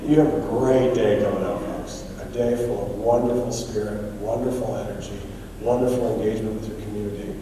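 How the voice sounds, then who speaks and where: A man from the United States giving a keynote speech, telling stories in an animated, emphatic way. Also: on the low side, fairly quick, noisy background. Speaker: guest speaker. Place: large hall. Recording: echoey hall, distant mic, faint ambience.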